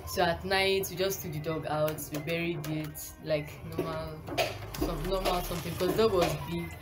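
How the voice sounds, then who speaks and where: A woman's voice: on the low side, steady tone, moderate pace. A young woman with a Nigerian accent, telling a storytime as a vlogger, rambling and correcting herself, with frequent laughs. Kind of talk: casual storytime. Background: background music.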